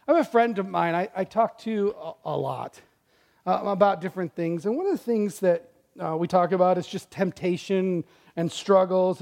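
A middle-aged man preaching a sermon, telling a personal story with dramatic swings from loud exclamations to hushed, near-whispered lines. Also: sits high, gravelly. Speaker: pastor.

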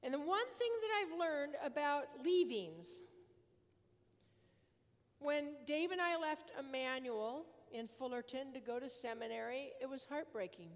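A woman's voice: sits high, animated, measured pace. A woman priest giving a sermon in an earnest manner, leaning on repetition for emphasis, in a large church. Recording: long church reverb.

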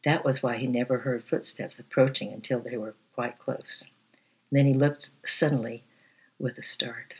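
A man with a husky, breathy voice, gently reading a children's story aloud, with an occasional slip and restart. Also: mid-range voice, normal speed. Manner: gentle, even read-aloud pacing with slips and restarts.

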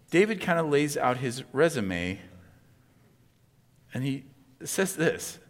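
A man's voice: a little high, lively intonation, slow pace, long pauses. Chatty male pastor in an echoing hall. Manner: casual, chatty, many asides and tag questions. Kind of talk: conversational sermon. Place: church sanctuary. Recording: long hall reverb.

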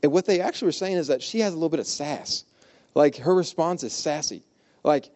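A pastor delivers a conversational sermon, retelling the story informally and with humor, adding playful asides along the way. His voice is fairly high and darkish in tone, and he speaks fairly quickly.

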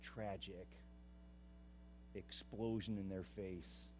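A man preaching a sermon, impassioned, swinging from loud declaiming to hushed, confiding tones. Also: low voice, steady tone, takes it slowly, music in the background. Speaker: pastor.

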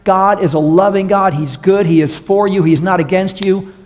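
A man's voice: sits high, moderate pace. A man preaching a sermon to a congregation, telling stories and acting out the voices in them. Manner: storytelling, acts out voices in stories. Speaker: pastor. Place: church sanctuary. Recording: long reverb of a large hall.

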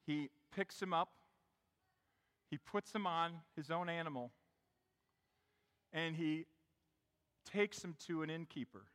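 Bright-voiced middle-aged pastor preaching in a hall. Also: male voice, on the high side. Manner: conversational storytelling, talks directly to the congregation. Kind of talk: sermon. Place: church sanctuary.

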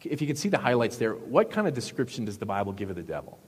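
A man's voice: medium pitch, big pitch swings, fast, slightly rough. Man preaching in an echoey hall. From Wisconsin, US. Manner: conversational storytelling, asks the audience questions. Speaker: pastor. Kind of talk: sermon.

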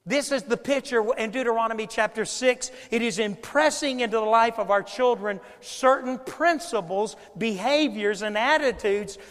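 A man's voice: sits high, in a large hall. A man preaching a sermon to his congregation in a conversational, emphatic way, often repeating phrases and speaking to the listeners directly.

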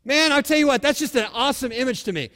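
A male pastor preaching a sermon in an animated, exhorting way, acting out scripture scenes as he goes. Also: very high voice, fast talker, in a large hall.

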